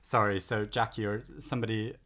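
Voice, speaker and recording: A man's voice: fairly low pitch, flat delivery, a little fast, a bit bright. Chatty, enthusiastic middle-aged man. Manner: enthusiastic, rambling, hesitant. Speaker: book vlogger. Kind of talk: casual book-haul chat. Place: home in England.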